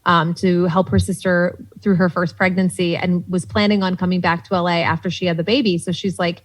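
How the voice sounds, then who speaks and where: A young woman from Boston with a Boston accent, a comedian guest telling lively stories in casual podcast chat and acting out the voices she quotes. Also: on the low side, fairly quick, low-quality recording.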